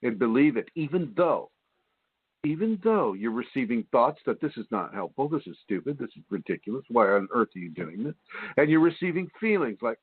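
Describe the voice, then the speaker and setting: A man hosting a spiritual radio talk show, teaching in an animated way, mimicking whiny voices and laughing often. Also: medium pitch, brisk, breathy edge, no room sound. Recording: tinny phone line, dry.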